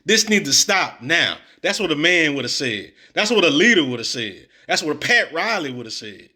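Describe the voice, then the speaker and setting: Blunt, bright-voiced sports ranter. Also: male voice, a little high, very animated, a little fast, slightly rough. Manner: blunt, exasperated, slangy, mocking. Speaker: sports commentator reacting to clips. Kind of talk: opinionated reaction commentary.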